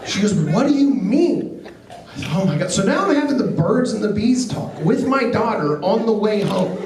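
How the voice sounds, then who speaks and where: A middle-aged man doing a stand-up comedy set, telling stories in a deadpan way and acting out quotes. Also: high-pitched, brisk. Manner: deadpan storytelling with acted quotes. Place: comedy club stage. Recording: echoey club, picked up from far off. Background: audience laughter.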